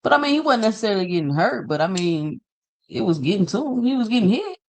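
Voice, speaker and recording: A woman's voice: medium pitch, very animated, fast, a little hiss or hum. A woman hosting a casual boxing talk show, laid-back and direct. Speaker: host.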